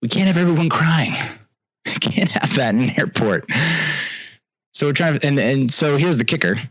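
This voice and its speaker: A young man, telling a comedic story on a podcast with exasperated ranting that swings from loud outbursts to low mutters. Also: expressive, normal speed, no room sound. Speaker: podcast host.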